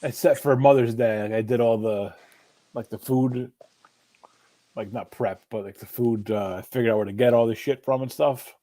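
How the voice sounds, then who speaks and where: A man's voice: mid-range voice, steady tone, moderate pace, mellow. Laid-back storytelling man, swears freely. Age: middle-aged. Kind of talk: casual chat.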